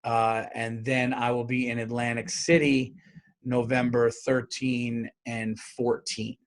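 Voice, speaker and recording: Rambling, animated comedian riffing solo. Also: male voice, mid-range voice, takes it slowly. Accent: New York. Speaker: podcast host and comedian. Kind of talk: casual comedic monologue.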